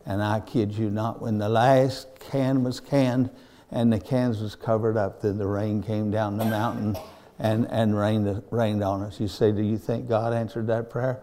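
A man's voice: fairly low pitch, little pitch movement, measured pace, mellow. An older man, preaching a sermon in a folksy, earnest storytelling style.

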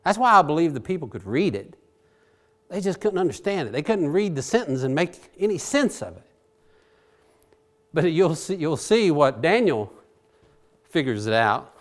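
A male preacher gives a lively, conversational Bible sermon. His slightly high voice rises and falls a great deal, jumping from loud emphasis to quiet asides. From Virginia. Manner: animated, chatty, swings between loud and quiet.

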